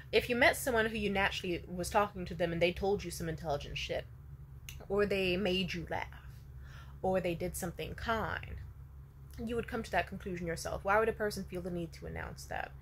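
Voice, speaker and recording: Blunt, profane young woman vlogging. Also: slight background noise. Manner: blunt, profane, swings from loud to low asides. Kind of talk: casual candid monologue.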